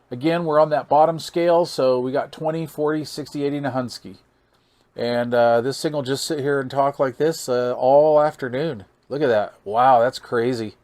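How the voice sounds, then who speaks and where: This man hosts a radio hobbyist channel, and his medium-pitched, slightly mellow voice carries a folksy sense of wonder. In a casual gear demo he thinks out loud while checking meters and counts into the mic on test calls.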